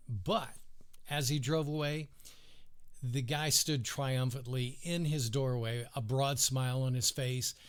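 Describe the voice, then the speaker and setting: A man co-hosting a podcast, relaxed and chatty, reading out funny news items. He drifts into easy chuckles as he tells each story. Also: mid-range voice, clear, resonant tone. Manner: laid-back, chuckles often, drawn-out storytelling. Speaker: podcast co-host. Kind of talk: casual chat, reading news stories aloud.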